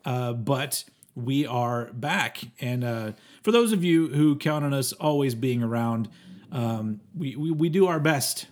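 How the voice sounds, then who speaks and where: A man in his forties co-hosting a casual podcast, talking in a rambling, halting way with plenty of fillers and swearing. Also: mid-range voice. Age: 40s. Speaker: podcast co-host. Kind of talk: casual chat.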